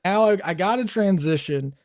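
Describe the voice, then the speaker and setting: Man, podcast host, relaxed interviewer, high-pitched. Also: normal speed, no room sound, clean studio sound.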